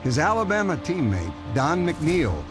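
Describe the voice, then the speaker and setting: A man narrating a sports documentary in a scripted, dramatic, measured style. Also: on the high side, huge pitch swings, music in the background.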